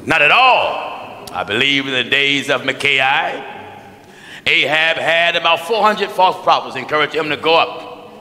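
An American pastor preaching a sermon in a folksy, animated way, acting out the people he talks about. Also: on the high side, measured pace. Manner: animated, folksy, mimics people with shouts and laughs. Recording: echoey church hall, long reverb.

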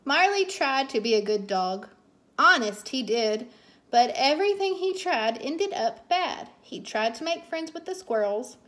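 A woman teacher reads a picture book aloud to children at bedtime. Her voice sits high and she takes her time, leaning into each line with lively expression. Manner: slow, expressive storytelling with character voices. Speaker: teacher reading a bedtime story.

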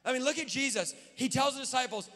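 A man preaching a sermon from the pulpit in a church, fervent and often shouting. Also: very high voice, quick pace. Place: church sanctuary. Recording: long hall reverb.

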